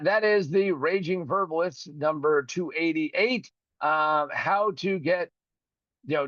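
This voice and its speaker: In a dry recording, a man whose voice leans high rants indignantly and with plenty of swearing on his own program. He acts out a two-sided phone call and is recovering from a broken finger.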